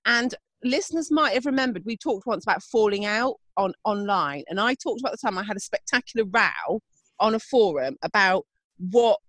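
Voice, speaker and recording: A woman's voice: mid-range voice, dry recording. A British woman co-hosting a podcast in casual chat, teasing and sweary, telling stories with gusto. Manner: teasing, sweary, animated storyteller. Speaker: podcast co-host.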